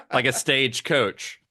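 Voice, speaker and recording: A man's voice: medium pitch, pushed and bright, no room sound, studio quality. A man co-hosting a podcast, narrating in an easygoing, conversational way and laughing readily. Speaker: podcast co-host.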